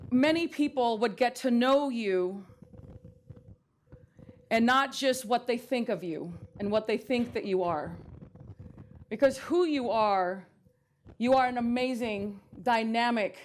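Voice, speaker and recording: A woman's voice: a little high, slight background noise. A middle-aged woman mayor giving a heartfelt farewell tribute in a city council chamber, speaking close to tears into a dais microphone.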